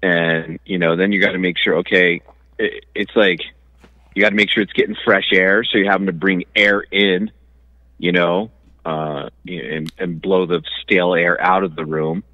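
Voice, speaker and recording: A man's voice: low voice, steady tone, moderate pace, dry recording. A man calling in to a podcast and casually explaining things in a laid-back way. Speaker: radio host calling in. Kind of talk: casual chat. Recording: dull phone line.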